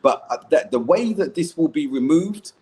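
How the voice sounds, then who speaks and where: A man's voice: fairly high pitch, lively intonation, moderate pace, a little mellow. A man in a casual podcast discussion who speaks earnestly, sometimes stumbles over words, and reads passages aloud. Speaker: podcast co-host.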